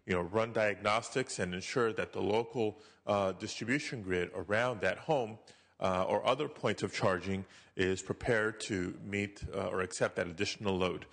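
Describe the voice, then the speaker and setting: Low-voiced senator giving a floor speech. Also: male voice, vocal fry, fairly bright tone. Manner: frequent uh fillers, measured delivery. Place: legislative chamber. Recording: long reverb of a large chamber.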